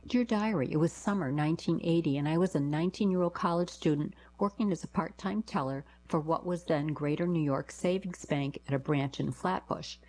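Low-voiced woman reading little true stories aloud, a bit breathy. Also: darkish tone, rough recording. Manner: storytelling, voices quoted lines with a lift. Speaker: reader of short personal anecdotes. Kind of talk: reading aloud short first-person stories.

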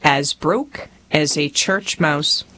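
Southern woman, 40s, memoir audiobook narrator, humorous down-home storyteller. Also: slow pace. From rural Tennessee. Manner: folksy, humorous storytelling with lively pitch.

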